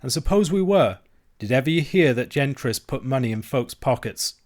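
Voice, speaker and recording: A man reading aloud, voicing a fierce, roguish Highland outlaw with a Scottish accent, gruff and blustering. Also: expressive, moderate pace, a little mellow, close to an everyday voice. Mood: sly. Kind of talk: audiobook reading.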